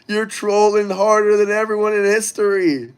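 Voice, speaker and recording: A man with a high-pitched voice hosts a casual livestream. He talks loosely and crudely, speaking directly to the people in his chat and reading their messages out. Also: level tone, moderate pace, clear, resonant tone.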